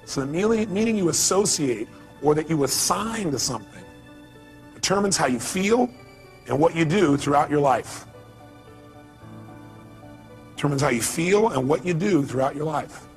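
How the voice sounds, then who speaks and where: A man's voice: a little high, lively intonation, normal speed, long pauses, faint music behind. A man speaking live at a seminar, emphatic and repeating his key phrases, firing questions at the audience. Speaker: motivational speaker. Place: seminar hall.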